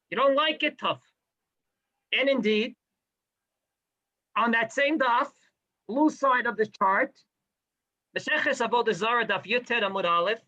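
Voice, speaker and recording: A man teaching a Torah class, animated, with sarcastic asides and Hebrew terms mixed in. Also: very high-pitched, muffled recording. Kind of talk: lecture to a class.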